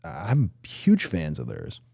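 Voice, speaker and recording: A man's voice: extremely low pitch, huge pitch swings, takes it slowly, vocal fry, dark tone, dry recording, studio quality. A man in his forties hosting a casual interview, rambling and restarting his thoughts. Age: 40s. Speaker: podcast host.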